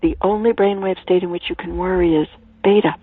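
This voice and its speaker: A woman author telling stories as a guest on a radio interview, animated, at times dropping to a soft whisper, heard over a phone line. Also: lowish voice, fairly quick. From Ireland. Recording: tinny phone line, dry.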